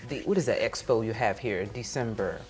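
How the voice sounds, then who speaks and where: A woman guest telling stories in a casual interview, animated and laughing as she talks. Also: a bass voice, brisk, soft background music.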